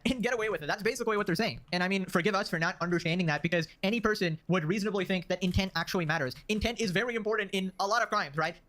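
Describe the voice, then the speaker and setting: A man's voice: high-pitched, very fast, hardly any pauses, a bit bright. A man in a commentary video, sarcastic and dismissive as he reads through comments and weighs in. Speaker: commentary YouTuber.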